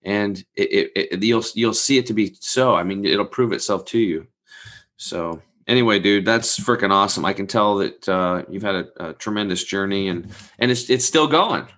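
A man in his forties with a bright, forceful tone tells a rambling personal story in a casual chat. He animates it by acting out the people he quotes, and drops casual swearing along the way. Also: lowish voice, moderate pace. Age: 40s. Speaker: guest telling a story.

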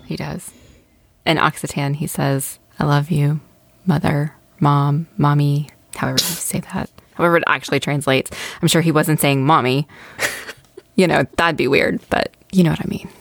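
A woman's voice: low-pitched, fairly even intonation, moderate pace, creaky, no room sound. A woman in casual podcast chat, recapping a TV episode with enthusiastic, self-deprecating talk.

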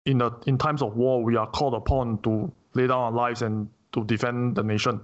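Flat-voiced man, serious and insistent. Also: medium pitch, fairly quick. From Singapore. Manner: serious and insistent, asks rhetorical questions. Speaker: interviewee. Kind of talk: earnest opinion talk. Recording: dull lo-fi sound.

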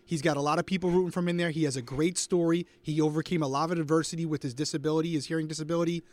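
A man co-hosting a casual live stream, making fast, emphatic calls. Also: on the high side, steady tone, no room sound. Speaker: co-host.

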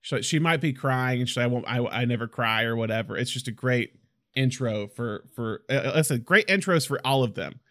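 A man's voice: medium pitch, lively intonation, a little fast, a bit bright, no echo, studio quality. A man co-hosting a casual film discussion, talking enthusiastically and acting out quotes from the movie.

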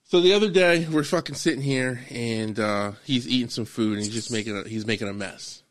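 A man in his thirties talks casually with friends on a podcast. His pitch sits in the middle, and he tells his stories with animated energy and plenty of swearing. He also runs the recording as producer. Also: a little fast. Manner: animated, profane storytelling. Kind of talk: casual chat among friends.

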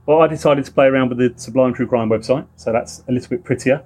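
A middle-aged man with a London English accent co-hosts a podcast, trading casual, joking banter. He speaks fast in a medium-pitched, slightly mellow voice.

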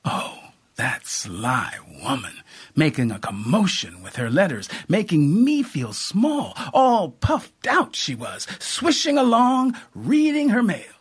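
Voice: mid-range voice, very animated, slow pace, husky, voice pushed up, full character voice. A reader putting on a folksy country aunt. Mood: indignant. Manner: folksy rural speech with double negatives. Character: plainspoken rural aunt, middle-aged woman, warm and shrewd.

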